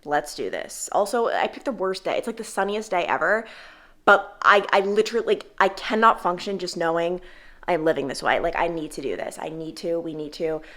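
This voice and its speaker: A woman's voice: fairly low pitch, animated, a little fast, fairly bright tone. A young woman chatting casually in a home vlog, talking in a loose, filler-heavy way full of "like". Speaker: lifestyle vlogger.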